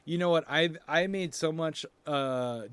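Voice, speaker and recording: A man's voice: on the high side, unhurried, fairly bright tone, clean tone. A man co-hosting a comics podcast in casual chat, congested, enthusiastic and chatty. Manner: enthusiastic, chatty, laughs often. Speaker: podcast co-host.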